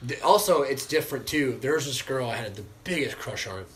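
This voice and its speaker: A young man co-hosting a podcast, telling animated stories with lots of laughing and swearing. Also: mid-range voice, fairly quick, a little hiss or hum. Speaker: podcast co-host. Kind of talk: casual chat.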